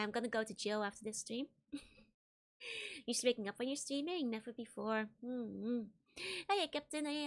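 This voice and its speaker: A woman's voice: sits high, a bit bright. A young woman streaming, chatting casually with viewers, giggling often and repeating her greetings.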